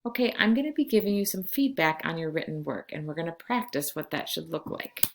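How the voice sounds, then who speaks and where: Low-voiced woman teaching a class. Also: slight background noise. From California. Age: 40s. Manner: slow, clear classroom instruction switching between Spanish and English. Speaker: Spanish teacher. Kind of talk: recorded class lesson.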